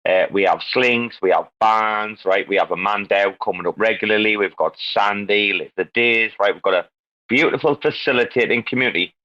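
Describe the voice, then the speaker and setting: A man's voice: on the low side, brisk, bright, forceful tone, dull audio. A man hosting a casual live audio chat, joking and swearing, calling guests darling. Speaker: host.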